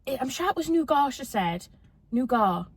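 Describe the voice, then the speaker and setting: A woman's voice: high voice, big pitch swings, moderate pace, husky, no echo. A young woman with a Geordie accent, hosting a casual chat with her mother, laughing often and quoting people. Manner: chatty, laughs often, quotes people in voices. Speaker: host.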